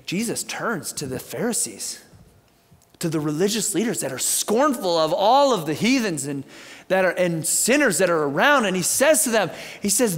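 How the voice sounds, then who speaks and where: Animated pastor in a reverberant church. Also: male voice, high voice, moderate pace. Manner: animated storytelling, conversational asides. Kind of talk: sermon. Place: church sanctuary.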